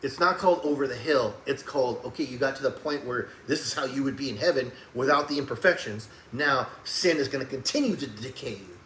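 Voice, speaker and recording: A man preaching a sermon, swinging between fiery shouts and soft, hushed passages. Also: mid-range voice, brisk, hardly any pauses. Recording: echoey room with faint background noise.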